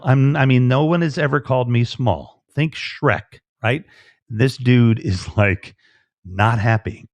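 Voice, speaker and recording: A man with a medium-pitched voice hosts a live stream, chatting casually and rambling with plenty of fillers and restarts. The audio is dull, lo-fi stream sound with no echo.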